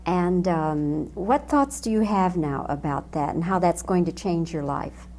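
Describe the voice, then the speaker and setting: A woman interviewing a film actor, eager, with her questions rising in pitch. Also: measured pace, a little mellow, a little hiss or hum. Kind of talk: press junket interview.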